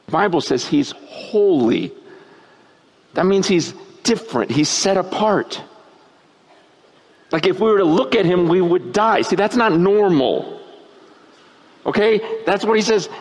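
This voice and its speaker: A pastor telling a laughing personal story within a sermon, then turning earnest. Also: male voice, high voice, lively intonation, moderate pace, gravelly.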